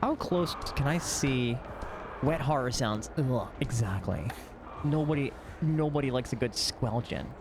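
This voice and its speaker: A man's voice: mid-range voice, expressive, a little slow, noisy background. A man streaming live, talking through a game with wry, dry asides to his chat. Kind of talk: live gameplay commentary.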